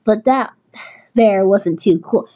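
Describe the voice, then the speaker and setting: A woman voicing a smooth, flirtatious male pigeon upperclassman in a game, with a shaky put-on New York accent and bits of French. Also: mid-range voice, slow pace, muffled recording, pitched below the performer's own voice, natural voice. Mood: suave.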